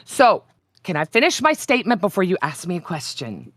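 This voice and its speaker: A woman's voice: fairly low pitch, very animated, brisk, fairly bright tone, dry recording. A woman arguing indignantly and sarcastically in a live stream voice chat, cursing often. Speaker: stream guest. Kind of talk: heated argument.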